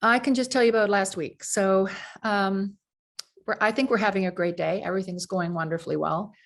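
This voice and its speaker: A woman's voice: mid-range voice, steady tone, fairly quick, vocal fry. A woman surgeon, interviewed as a guest, telling workplace anecdotes in a loose, conversational way, full of fillers and restarts. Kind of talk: conversational storytelling.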